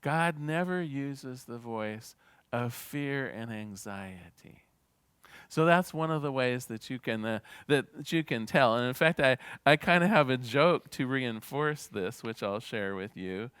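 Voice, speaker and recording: A minister giving a sermon in an earnest, gentle teaching manner, with small restarts as he talks. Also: mid-range voice, expressive, unhurried, clean tone, dry recording.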